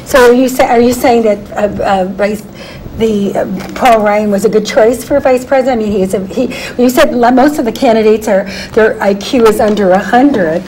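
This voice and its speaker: A woman's voice: a little high, moderate pace, mellow, rough recording. A woman hosting a political roundtable, asking questions with hesitant restarts. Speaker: host. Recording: faint background noise.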